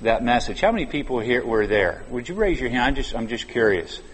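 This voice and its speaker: A man's voice: medium pitch, big pitch swings, brisk, husky. A man preaching a sermon at a church conference, conversational and then suddenly emphatic on key words. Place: large church conference hall. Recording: reverberant hall with faint ambience.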